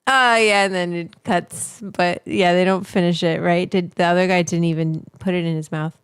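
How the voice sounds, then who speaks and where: A woman's voice: fairly low pitch, fairly even intonation, moderate pace, clear, resonant tone, no echo. Chatty giggly woman, dry sound. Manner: chatty, giggly, loose, swears freely. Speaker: livestream host. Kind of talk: casual live reaction commentary.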